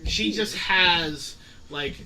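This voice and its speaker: A woman running a tabletop game as game master, describing scenes haltingly with many fillers. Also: on the low side, poor audio. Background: chatter and laughter of players.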